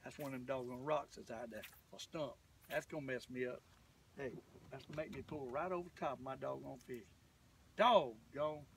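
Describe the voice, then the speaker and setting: A man's voice: medium pitch, normal speed, gravelly, a bit bright, slight background noise. An older man with a Southern US accent, chatting in a folksy, rambling way to viewers while fishing from a boat on a lake. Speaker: fishing vlogger. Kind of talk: casual fishing vlog talk. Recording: distant mic, faint outdoor ambience.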